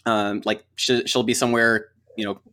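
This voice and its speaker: A man in casual chat, telling a lively story with lots of filler words and frequent laughs. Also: lowish voice, normal speed. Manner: rambling, filler-heavy, laughs often.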